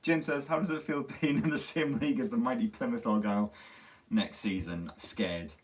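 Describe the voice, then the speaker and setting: A man's voice: medium pitch, moderate pace, slight background noise. A man from Sunderland with a Northern English accent, chatting casually as host of a live tech stream, swearing freely and poking fun at himself, his voice a little worn. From Sunderland, North East England. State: slightly losing his voice. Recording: distant mic on a phone stream.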